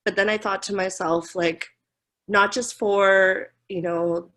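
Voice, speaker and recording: A woman in her forties speaks as a school administrator in a relaxed interview. She tells stories with energy, laughing often and slipping into quick impressions of the people she quotes. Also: medium pitch. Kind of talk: casual interview storytelling.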